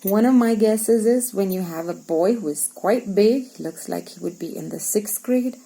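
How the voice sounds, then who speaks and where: A woman's voice: mid-range voice, normal speed, gravelly, few pauses, dark tone, low-quality recording. A woman teacher reading a storybook aloud to young pupils and acting out its lines as she explains words.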